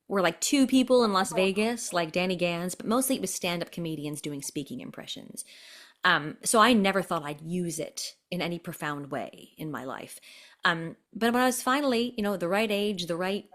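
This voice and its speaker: A woman performer being interviewed over a video call, chatty and animated as she tells stories and slips into voices. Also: lowish voice. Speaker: guest performer and impressionist. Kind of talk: casual interview storytelling.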